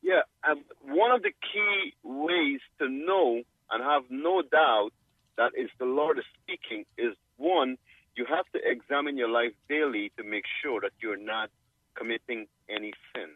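A man calling into a radio show, speaking earnestly and pausing to find his words. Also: medium pitch, dry recording. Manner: earnest, searching for words with fillers. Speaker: caller. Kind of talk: phone-in comment. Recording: tinny dry phone line.

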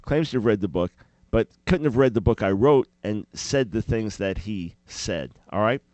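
A man's voice: on the low side, moderate pace, no room sound. A man hosting a Christian talk show, asking questions and joking with playful exaggeration. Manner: animated, mock-chanting with playful exaggeration. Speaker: host.

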